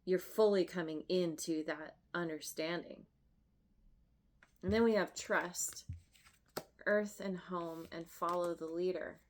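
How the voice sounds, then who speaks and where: A woman reads tarot cards aloud to her viewers, taking her time. Her voice sits a little low, and she moves between hushed reflection and excited bursts, often stopping and restarting her sentences. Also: slight background noise. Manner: emotional, effusive, halting with restarts and laughs. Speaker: tarot reader. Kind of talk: tarot reading to camera.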